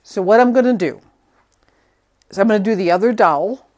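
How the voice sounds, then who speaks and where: Woman, chatty DIY vlogger, talks to herself while working, mid-pitch. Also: fairly quick, darkish tone. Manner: chatty, self-talking while working, nervous. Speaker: vlogger restoring a vintage tree. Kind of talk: casual hands-on how-to narration.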